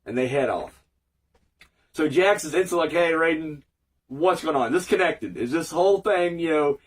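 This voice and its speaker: A man's voice: a little high, normal speed, distant mic. A man with a cold giving a casual, rambling, sweary recap review of an episode, full of fillers. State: fighting a cold.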